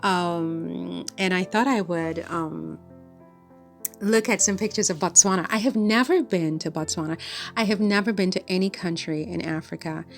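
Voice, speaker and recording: A woman chatting to camera in a rambling vlog, laughing often between thoughts. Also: fairly low pitch. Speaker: vlogger. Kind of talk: casual chat to camera. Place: home in France.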